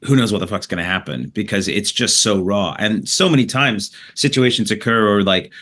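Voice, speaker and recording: Canadian comedian guy, bright tense voice, swears a lot, tells stories fast and loose. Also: fairly low pitch. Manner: animated anecdote-telling with profanity and laughter. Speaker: comedian guest. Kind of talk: storytelling in a podcast interview.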